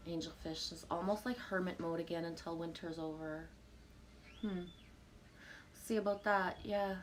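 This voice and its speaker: A woman's voice: fairly low pitch, normal speed. Woman chatting on her live stream at home, reads out comments, laid-back and rambly, some faint hiss behind. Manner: reads viewer comments aloud and answers them; relaxed, rambling, with frequent fillers and soft laughs. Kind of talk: casual live-stream chat.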